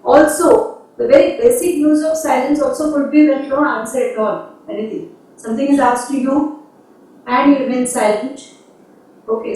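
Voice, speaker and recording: Indian English woman lecturer, high voice, distant mic in a very echoey room, explanatory classroom delivery. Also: darkish tone. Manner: explanatory, laughs between points, quotes examples in Hindi. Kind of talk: university lecture.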